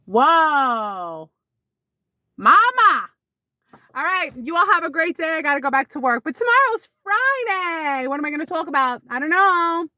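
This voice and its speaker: A woman's voice: quick pace, few pauses, pushed and bright, no room sound. Woman, casual vlog storytelling, rambling, dry close sound. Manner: chatty and rambling, with sudden high exclamations. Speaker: vlogger.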